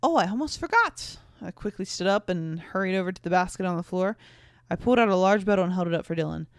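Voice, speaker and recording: A woman's voice: fairly low pitch, fairly even intonation, quick pace, smooth, no echo, studio quality. A young woman podcast host reading aloud a fanfic she wrote as a teen, tipsy and giggly, breaking off for asides. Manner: tipsy, giggly asides between read passages.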